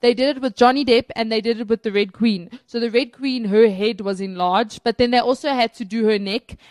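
A woman co-hosting a casual film review talks enthusiastically, with many fillers and restarts. Her voice sits a bit high, and the sound is dry and close with no room echo. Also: a little fast, a little mellow. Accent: South African.

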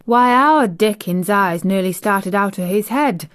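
A woman's voice: mid-range voice, lively intonation, a little slow, no room sound, studio quality, lightly acted. A woman voicing a cheerful, chatty young maid with a broad Yorkshire accent. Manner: broad dialect, eager.

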